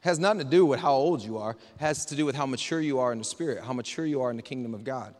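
A male pastor preaches a sermon in a casual, conversational style, often asking the congregation rhetorical questions. His mid-range voice is a little mellow and fast, with hall reverb from the live service in the church sanctuary.

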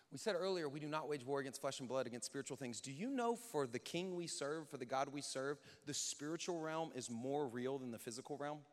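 A man preaching a sermon in a lively, conversational way, acting out quotes and joking with the church. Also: on the high side. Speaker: pastor. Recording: reverberant hall.

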